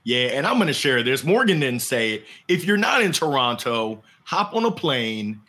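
A man's voice: medium pitch, big pitch swings, moderate pace, pushed and bright. A man hosting a live interview show, thanking his guest with enthusiastic, effusive praise and catchphrases. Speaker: podcast host.

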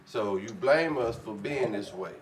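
A man co-hosting a podcast in casual chat, blunt and animated, with a filler he keeps repeating. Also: lowish voice, measured pace. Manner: blunt, animated, keeps saying "you know what I'm saying". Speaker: podcast co-host. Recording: distant mic with faint background noise.

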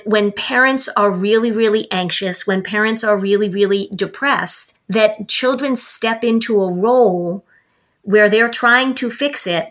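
A woman's voice: medium pitch, fairly bright tone. A woman on a parenting podcast, explaining directly and acting out short example dialogues. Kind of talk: podcast conversation.

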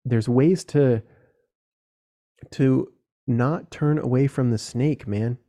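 Gravelly-voiced man, earnest solo podcast. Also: medium pitch, slow pace, dark tone. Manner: earnest, direct, casual, with mild swearing. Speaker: podcast host.

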